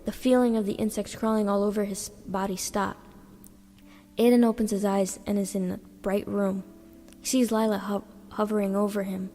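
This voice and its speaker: A woman reading her own short story aloud in a plain, steady way. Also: mid-range voice, normal speed. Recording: reverberant with background music.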